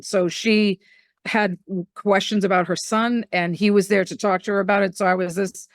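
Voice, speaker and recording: A middle-aged woman, a medium and spiritual teacher, telling stories in a casual, animated way and acting out the voices she quotes. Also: mid-range voice, moderate pace, no echo, clean studio sound. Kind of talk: casual storytelling conversation.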